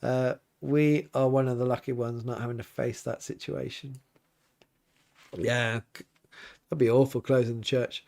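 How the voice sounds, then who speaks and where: A man, a priest hosting a relaxed livestream, reading viewer comments aloud and chatting back with an easygoing, often laughing manner. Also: mid-range voice, normal speed, gravelly, long pauses. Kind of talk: casual livestream chat. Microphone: livestream mic.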